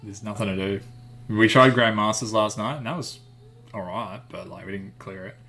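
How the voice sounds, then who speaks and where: A man's voice: on the low side, normal speed, bright, forceful tone. A man in casual gaming chat, laid-back and casually swearing.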